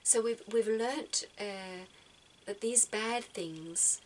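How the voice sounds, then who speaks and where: A woman speaks gently and reflectively, often repeating words as she gathers her thoughts. Her voice sits in an ordinary middle pitch. A faint noise stays in the background. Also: drawn-out words, low-quality recording. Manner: soft-spoken, repeats words as she thinks. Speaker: spiritual vlogger giving advice.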